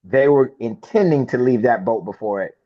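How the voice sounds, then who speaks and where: A man telling a personal story as an interview guest, lively and casual, acting out the lines of the people in it. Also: medium pitch, moderate pace, muffled recording. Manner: lively storyteller who acts out quoted dialogue. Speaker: interview guest, film producer. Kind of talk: animated storytelling in a podcast interview.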